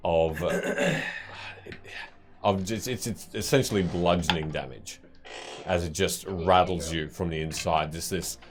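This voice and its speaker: A man narrating as game master of a tabletop game, halting with many fillers and frequent laughs. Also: low voice.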